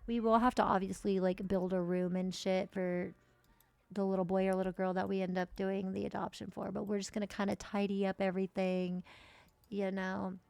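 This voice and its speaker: A woman's voice: mid-range voice, little pitch movement, moderate pace, vocal fry, a little mellow, clean tone, dry recording. A woman streaming a life-simulation game, chatting casually and swearing now and then as she plays. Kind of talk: casual gameplay commentary.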